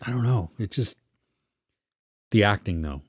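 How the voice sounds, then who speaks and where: Lowish, husky and expressive, this man's voice moves at a measured pace as he co-hosts a podcast, casually reviewing a series he watched and groping for words. The studio-quality recording has no echo.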